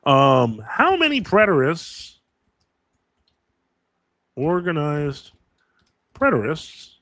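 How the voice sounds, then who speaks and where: A man hosts a live question-and-answer stream, chatting casually and wandering through his thoughts with plenty of ums and restarts. His voice sits a little high and has a bright, forceful edge. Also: wildly swooping pitch, drawn-out words, dry recording. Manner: rambling, with many fillers and self-corrections.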